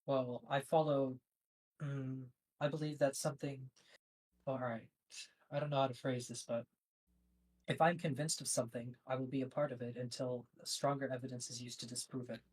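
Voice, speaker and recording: A man's voice: mid-range voice, level tone, moderate pace, darkish tone, low-quality recording. A man calling into a live debate, speaking casually and hesitantly with many fillers. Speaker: caller.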